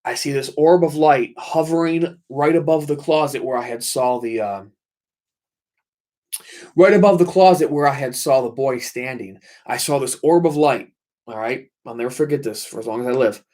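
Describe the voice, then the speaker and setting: A man hosts a late-night livestream and tells a true ghost story. He talks intensely, repeats phrases for emphasis and swears freely. His voice sits at a middle pitch. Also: moderate pace, a little mellow. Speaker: livestream host.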